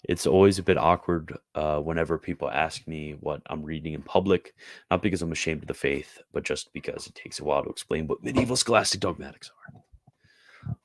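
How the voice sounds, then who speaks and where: A man with a rumbling low voice reads a theology passage aloud in a measured way, then loosely and casually answers viewer questions, using fillers. The recording is dry.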